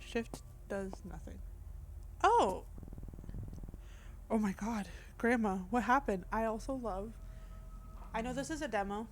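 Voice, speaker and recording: A young woman gamer offers casual let's-play commentary on a horror game, her voice medium-pitched with a little hiss or hum in the recording. She's chatty and reactive, responding as she plays and poking fun at herself.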